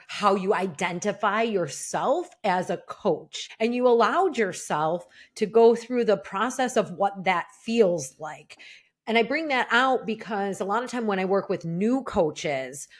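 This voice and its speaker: A woman hosting an interview, enthusiastic and affirming, who sums up her guest's points and asks follow-up questions. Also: mid-range voice. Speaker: podcast host.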